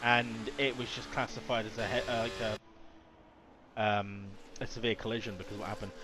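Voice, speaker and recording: A man commentating live on an online racing league, lively and prone to sudden excited outbursts. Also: on the low side, brisk, noisy background. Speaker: race commentator.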